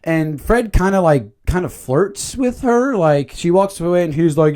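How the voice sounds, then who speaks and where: Lively, jokey young-sounding man. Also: sits high, a little slow. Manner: animated, jokey, slips into silly voices. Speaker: movie reviewer. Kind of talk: casual video commentary.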